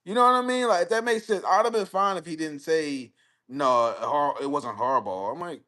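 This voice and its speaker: A man's voice: sits high, lively intonation, fast talker, bright, forceful tone. A young man, hosting a live stream. He talks casually about football, swears freely, and rambles through repeated phrases as he reacts to his chat.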